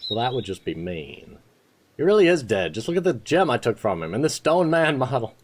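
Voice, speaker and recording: A man's voice: medium pitch, big pitch swings, fairly quick, a little hiss or hum. Playful man chatting over a game. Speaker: let's play host. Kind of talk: casual game commentary.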